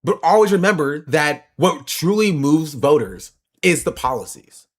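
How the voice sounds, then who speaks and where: A man's voice: a little high, animated, a little slow. Opinionated man streaming political commentary. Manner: opinionated, explanatory.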